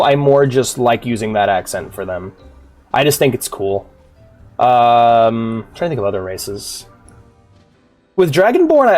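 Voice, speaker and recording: A man's voice: mid-range voice, a little mellow. A man streaming a video game, chatting loosely with viewers, rambling and swearing freely, with faint game music behind. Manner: rambling, profane, chatty with chat. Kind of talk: casual gaming stream chat.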